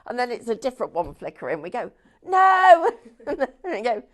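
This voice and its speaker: A woman's voice: a little high, big pitch swings, quick pace, a little mellow. A woman hosting a live shopping show from a TV studio, chatting in a rambling way and laughing often.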